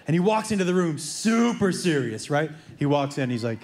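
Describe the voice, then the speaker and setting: Animated stand-up man, high lively voice. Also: normal speed. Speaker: stand-up comedian. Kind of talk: stand-up comedy routine. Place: comedy club stage before a laughing audience. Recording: roomy live club sound with noise.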